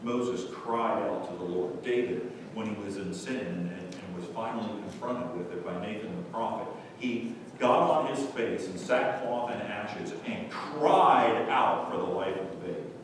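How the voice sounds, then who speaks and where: A male pastor preaching a sermon with fervent rhetorical questions, recorded live in a church sanctuary from a distant mic. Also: moderate pace. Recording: echoey church hall from far off, faint rumble.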